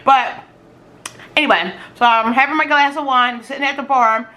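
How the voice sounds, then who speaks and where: A middle-aged woman vlogger telling dating stories in casual, animated chat while eating on camera, slangy and quick to exclaim. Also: high-pitched. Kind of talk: casual storytelling during a food challenge.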